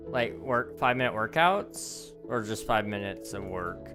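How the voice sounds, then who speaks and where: A male gaming livestreamer with a deep, slightly hoarse voice chats casually and animatedly while playing, over background music. He's losing his voice, and he thinks aloud with lots of ums and quick laughs.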